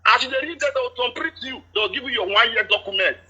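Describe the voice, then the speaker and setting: A man caller speaking Nigerian Pidgin, explaining things at length in a steady, detailed way. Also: very high-pitched, racing, breathy edge, dull audio. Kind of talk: casual chat.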